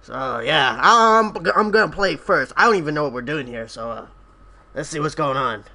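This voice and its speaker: A man's voice: fairly high pitch, animated, moderate pace, sharp tone. A man hosting a let's play, rambling casually with fillers and swearing. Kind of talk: casual, profane gameplay chat.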